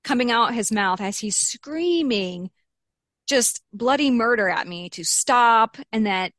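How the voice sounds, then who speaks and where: A woman's voice: fairly high pitch, expressive, slow pace, a bit bright, no echo. Candid woman recounting, dry close sound. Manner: candid, emotional retelling with blunt swearing and quoted asides. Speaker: interviewee. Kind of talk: personal account in an interview.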